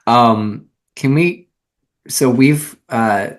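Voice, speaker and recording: A male interview host who speaks slowly and deliberately at an ordinary pitch. He adds short asides for the audience and steers the conversation forward.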